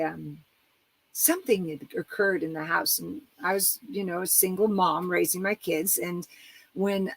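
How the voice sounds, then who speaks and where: A middle-aged woman, an author and coach, talking casually and telling lively stories, acting out the voices she quotes. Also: mid-range voice, poor audio. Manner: animated storyteller, acts out quoted voices. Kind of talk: casual interview talk.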